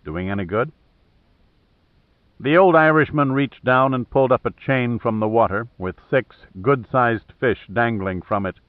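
A man's voice: mid-range voice, normal speed, hardly any pauses, no echo, narrow, tinny audio. Man narrating an audiobook, phone-thin. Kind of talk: scripted narration.

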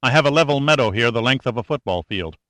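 A man's voice: medium pitch, expressive, fast talker, fairly bright tone, no room sound, natural voice. A man reading an audiobook who voices an urgent, determined male military major, insistent and pressing. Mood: tense.

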